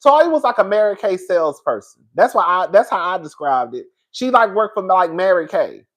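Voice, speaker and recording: High-voiced sassy man streaming commentary. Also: moderate pace. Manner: animated, sassy, calls viewers "girl"; laughs often, swears freely. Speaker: reality TV show reviewer. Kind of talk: live-stream commentary, reading chat.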